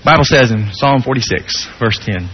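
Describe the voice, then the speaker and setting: Animated, husky male preacher. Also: medium pitch, normal speed, muffled recording. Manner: animated, rhetorical, swings between loud and hushed. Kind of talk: sermon.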